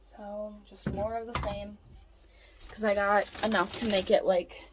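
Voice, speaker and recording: Putting groceries away in her home kitchen, a young woman narrates her vlog in a chatty, playful way and coos at her cat in a squeaky baby voice. Her voice has little pitch movement and a measured pace, with background noise present.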